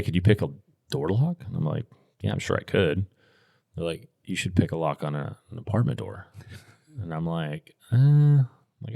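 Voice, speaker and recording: A middle-aged American man, a podcast guest, telling a long anecdote in a relaxed, rambling way. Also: deep voice, creaky, no echo, studio quality. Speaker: podcast guest, firearms instructor. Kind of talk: casual storytelling in interview.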